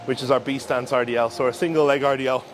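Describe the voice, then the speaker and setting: Male bodybuilder, casual vlog coaching, mid-range voice, relaxed and instructive, faint gym hum behind. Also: mid-range voice, quick pace. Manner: relaxed, instructive, talks through gym cues with fillers. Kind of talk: casual training vlog commentary.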